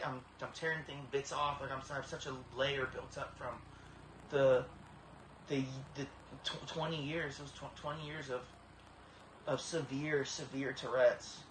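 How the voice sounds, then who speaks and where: Earnest halting man, echoey room. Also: medium pitch, a bit bright. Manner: halting, many repeated starts, earnest. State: tearful, emotional. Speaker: vlogger. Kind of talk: emotional personal testimony. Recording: echoey room with faint background hiss.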